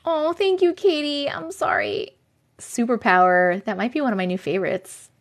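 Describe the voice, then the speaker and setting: A woman's voice: fairly high pitch, moderate pace. A woman in her thirties hosting a casual live stream, bubbly and chatty, thanking viewers and reading comments aloud. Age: 30s.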